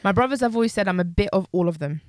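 A young woman, a mother of young children, co-hosting a casual podcast chat and talking in an emphatic, animated way, dropping to quiet asides. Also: mid-range voice, rapid-fire, dry recording, studio quality. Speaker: podcast co-host.

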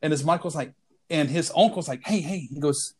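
A man's voice: fairly high pitch, a little fast, a little mellow. A man co-hosting a podcast, telling a funny story in casual chat and laughing through his punchlines. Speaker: podcast co-host.

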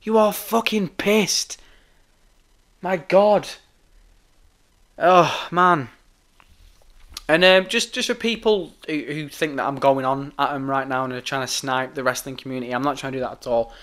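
Hoarse, ranting podcaster. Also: male voice, mid-range voice, normal speed, a bit bright. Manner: heated, sweary, repeats himself. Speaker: podcast host. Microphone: podcast microphone.

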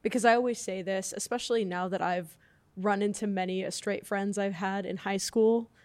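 A woman's voice: mid-range voice, fairly even intonation, normal speed, darkish tone. A young adult woman from Los Angeles co-hosting a casual podcast, speaking in a reflective, agreeable way. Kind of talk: casual round-table podcast chat.

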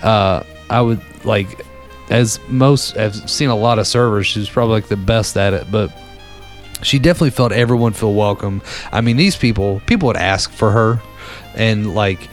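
A man's voice: fairly low pitch, moderate pace, soft background music. A young adult man co-hosting a podcast, telling stories in a rambling, irreverent way with lots of fillers. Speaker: podcast co-host. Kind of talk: casual storytelling chat.

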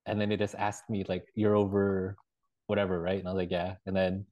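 A man co-hosting a podcast, telling halting, rambling anecdotes in casual chat with laughs. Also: low-pitched, monotone, darkish tone, highs cut off. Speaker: podcast co-host.

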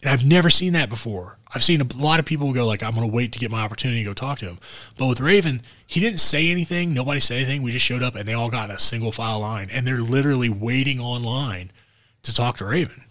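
A man's voice: medium pitch, quick pace, no echo. A man co-hosting a podcast, telling a casual road story and acting out what other people said. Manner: animated, acts out quotes of others. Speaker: podcast co-host.

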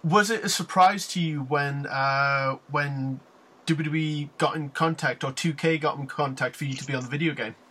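Bright-voiced enthusiastic male host. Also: a little high, normal speed. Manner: eager, enthusiastic, many fillers. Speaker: podcast host. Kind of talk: casual interview.

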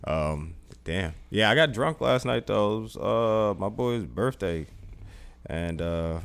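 A man's voice: lowish voice, expressive, takes it slowly, vocal fry. A young man co-hosting a podcast, talking casually, loose and profane, laughing often. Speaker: podcast co-host. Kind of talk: casual chat.

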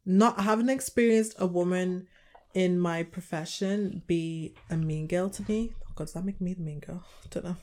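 A young woman from England with a Liverpool accent speaks in a lowish voice at a moderate pace. She co-hosts a casual chat podcast, telling stories with animation and acting out what other people said.

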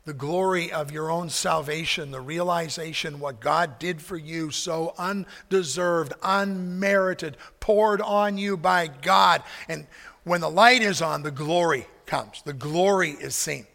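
A man preaching a sermon with a bright, gravelly, somewhat high voice. He talks in a conversational, story-telling way to a congregation, and long reverb from a large hall trails behind him. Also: unhurried. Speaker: pastor.

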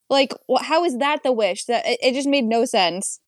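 A woman's voice: high-pitched, lively intonation, moderate pace, no echo, clean studio sound. A young woman co-hosting a casual movie review podcast, blunt and sarcastic in her criticism. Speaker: podcast co-host.

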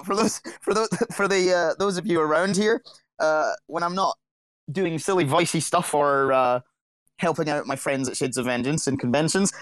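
A man's voice: fairly high pitch, a bit bright, clear, resonant tone, dry recording. A man, co-hosting a podcast in casual chat, rambling and correcting himself, laughing often. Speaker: podcast co-host.

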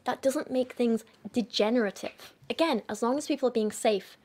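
A woman reading posts and replies aloud in a measured, even way. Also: a little high.

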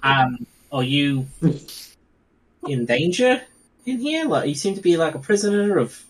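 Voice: medium pitch, very animated, a little slow, rough recording. A tabletop game player, talking in a casual, joking and hesitant way.

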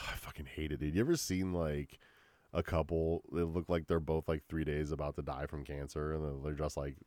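A man's voice: very deep voice, level tone, normal speed, darkish tone, no room sound. A young man hosting a solo podcast, ranting casually with heavy profanity and constant "dude" and "like.". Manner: profane, slangy rambling with lots of "dude" and "like". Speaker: podcast host.

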